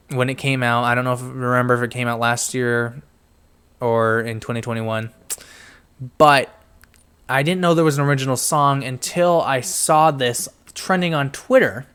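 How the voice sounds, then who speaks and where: A man's voice: medium pitch, a bit bright, clean tone. A young man hosting a podcast, chatting casually about pop culture, rambling and getting sidetracked while he reads things out. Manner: rambling, easily sidetracked, mumbles while reading. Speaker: podcast host.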